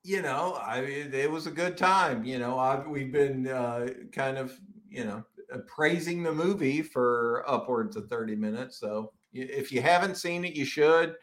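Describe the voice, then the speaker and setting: A man's voice: mid-range voice, a little slow, hardly any pauses, fairly bright tone. A man co-hosting a casual podcast, talking loosely and enthusiastically with plenty of fillers and restarts. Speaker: podcast co-host. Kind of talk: casual chat.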